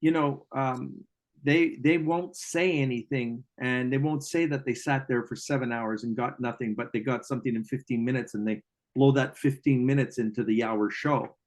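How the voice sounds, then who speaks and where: Man hosting a relaxed interview. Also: mid-range voice, normal speed. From Canada. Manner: reflective, rambling with restarts and fillers. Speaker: host, psychic medium. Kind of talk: casual conversational interview.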